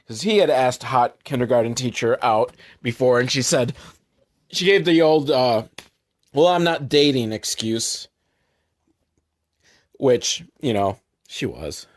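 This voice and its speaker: A man recapping a movie for comedy, sarcastic, jumping into quick put-on voices for the characters. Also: medium pitch.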